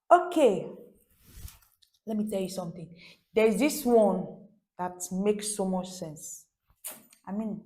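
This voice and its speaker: A woman leads a beginner French lesson at an unhurried pace, her voice mellow and warm. She keeps repeating phrases and checking in with her viewers through rhetorical questions. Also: medium pitch. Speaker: French teacher.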